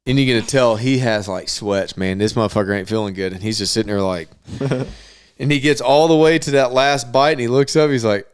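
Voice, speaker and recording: A young man co-hosting a podcast tells a story in casual chat, animated and swearing a lot while acting out quotes. His voice is medium-pitched and clean-toned, and he speaks fairly quickly.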